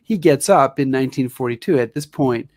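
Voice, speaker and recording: A man co-hosting a history show, asking the guest direct, measured questions. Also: mid-range voice, darkish tone, no echo, studio quality. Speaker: podcast co-host. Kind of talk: interview questions.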